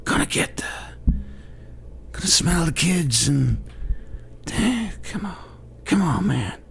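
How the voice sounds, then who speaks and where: A man's voice: fairly high pitch, sing-song, slow, vocal fry, slightly rough, voice pushed up, full character voice. A man doing a mumbling, rambling old politician. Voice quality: mumbling, trailing off into whispers. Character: rambling elderly male politician, mumbling and confused.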